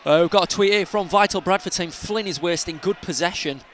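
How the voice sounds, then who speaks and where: A man hosting a casual football podcast, bantering and shouting when play heats up. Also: high voice, fairly quick, a faint crowd, slight background noise. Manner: excitable, shouts during attacks, banter. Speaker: podcast host. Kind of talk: casual football fan commentary.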